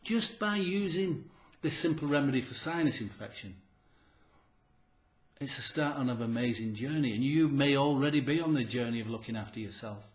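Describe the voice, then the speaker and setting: A man's voice: medium pitch, normal speed, reverberant. A man giving an earnest, repetitive health talk to the viewer, often stammering on restarts and acting out what people say to themselves. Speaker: herbalist presenter. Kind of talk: direct-to-camera health talk.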